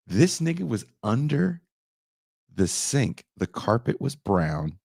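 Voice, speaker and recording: A man on a podcast telling a story casually, animated and profane, often leaping up in pitch for emphasis. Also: slow pace, creaky, husky, no room sound, studio quality. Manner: animated, profane, jumps into high voices for emphasis.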